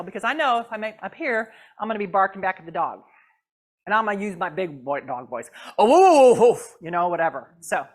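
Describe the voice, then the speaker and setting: Animated, bright-voiced woman speaker. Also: medium pitch. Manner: animated, acts out barks and voices. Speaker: guest speaker. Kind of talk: storytelling talk. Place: church hall.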